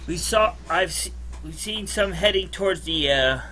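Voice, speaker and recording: A man's voice: high-pitched, moderate pace, bright, forceful tone, slight background noise, poor audio. A man acting as game master for a tabletop game, hesitant, with many restarts.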